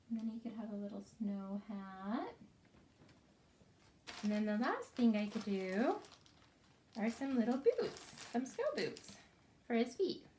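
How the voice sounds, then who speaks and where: Slow, gentle and encouraging, a woman runs a craft lesson for young children who follow along with her. Her pitch is medium, and a slight hiss or hum can be heard.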